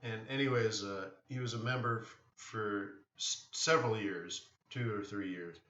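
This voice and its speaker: A man chats loosely with his viewers and often restarts his sentences. His voice sits a little low but comes across bright and forceful. The sound is dull and distant, as if the mic is across an echoing room. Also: normal speed. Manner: rambling, answers chat questions, many restarts. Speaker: live trading stream host. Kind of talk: casual live-stream chat.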